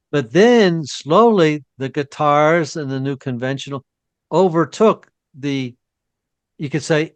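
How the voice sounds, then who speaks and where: A man co-hosts a relaxed talk, drifting into an anecdote. His voice sits a little high for a man. The sound is close and dry, with no room in it. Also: no room sound. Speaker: co-host. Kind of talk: casual storytelling discussion.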